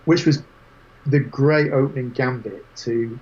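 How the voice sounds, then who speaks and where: A man as an interview guest, telling lively anecdotes with quoted voices in casual chat. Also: mid-range voice, a little slow, muffled recording. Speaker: guest photographer.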